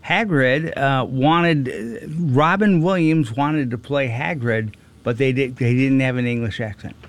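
A man's voice: mid-range voice, a little slow, no room sound. A man co-hosting a casual radio show, laid-back and giving short answers.

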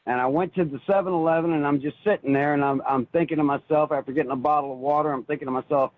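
A man calling in to a radio show and telling a personal story in an earnest, halting way, with many restarts. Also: a little high, fairly even intonation. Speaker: caller. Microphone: phone. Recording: tinny phone line.

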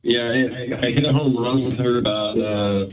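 A man's voice: medium pitch, steady tone, normal speed, a little hiss or hum. A man calling in for advice, talking hesitantly with many ums and restarts, chuckling often. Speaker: caller. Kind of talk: phoned-in conversation. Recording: phone line.

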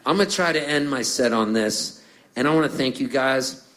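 A man's voice: medium pitch, moderate pace, a bit bright, rough recording. A middle-aged singer-songwriter telling playful, rambling stories between songs on a live stage, laughing as he goes. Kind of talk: onstage storytelling.

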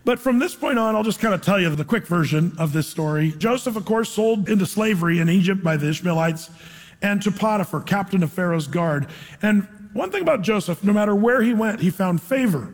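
High-voiced preacher in an echoey hall. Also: male voice, expressive, brisk. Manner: casual, dramatic storytelling with acted voices. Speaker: pastor. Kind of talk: sermon, retelling a scripture story.

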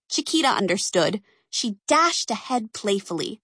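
A woman narrating a children's storybook aloud in an expressive, animated way. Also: medium pitch, normal speed, husky, dry recording, studio quality.

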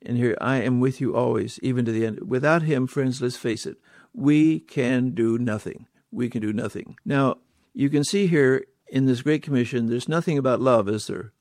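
Male preacher, mid pitch, emphatic, asks rhetorical questions; dry close recording. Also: moderate pace, a little mellow, dry recording. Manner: emphatic, repeats key words, rhetorical questions to listeners. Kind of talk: sermon.

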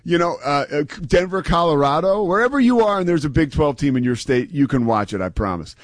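A man's voice: on the high side, expressive, a little fast, dry recording. A man talking college football on a sports radio show, chatty and rambling, with frequent restarts. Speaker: sports broadcaster, guest co-host. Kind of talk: sports talk radio chat.

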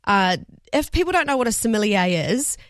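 A woman from New hosting a breakfast radio show in a studio, chatty and quick, stumbling over words and laughing. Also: medium pitch, big pitch swings, dry recording. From New Zealand. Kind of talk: casual radio chat.

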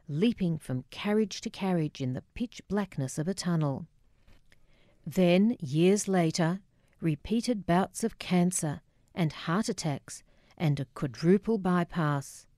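Slow, low-voiced woman reading a memoir. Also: mellow, no echo, clean studio sound. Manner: reflective, wry, measured. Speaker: narrator. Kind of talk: memoir audiobook narration.

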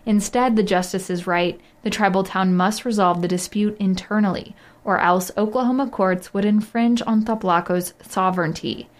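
A woman delivering a scripted radio news report in a crisp newsreader manner. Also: medium pitch, fairly even intonation, normal speed, few pauses.

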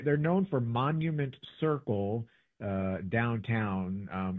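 Animated rambling man on a tinny line. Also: fairly low pitch, dry recording. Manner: rambling, animated, many fillers and restarts. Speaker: podcast co-host. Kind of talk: casual travel chat. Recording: dry, tinny phone-like sound.

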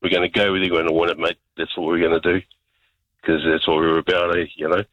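A man's voice: deep voice, flat delivery, quick pace, fairly bright tone. A man with a New Zealand accent calling in to a talk radio show, blunt and matey, heard over the phone. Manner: blunt, matey, keeps saying mate. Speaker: caller. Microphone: phone line. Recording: dull lo-fi phone line.

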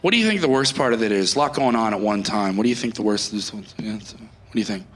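A man's voice: on the low side, lively intonation, fast, fairly bright tone. A man doing stand-up, telling a story in a profane, exasperated rant. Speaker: comedian. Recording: roomy echo.

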